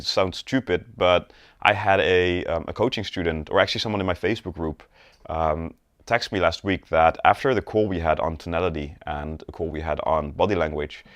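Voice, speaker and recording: A male sales coach with a low, fairly bright voice teaches in a conversational video lesson, pausing to check in with the viewer and demonstrating gestures and postures. The studio-quality audio has no echo.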